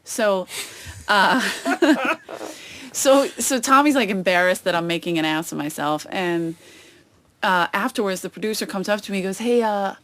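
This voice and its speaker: A woman comedian chatting as a podcast guest, telling stories with lively acted-out quotes. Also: mid-range voice, normal speed. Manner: animated storytelling, acts out quoted voices. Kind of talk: casual chat. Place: outdoors on a boat.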